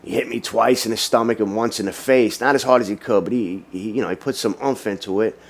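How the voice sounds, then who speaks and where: Young ny guy, kinda low voice, street slang, tons of "you know"s, just telling his story. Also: quick pace. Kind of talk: casual storytelling.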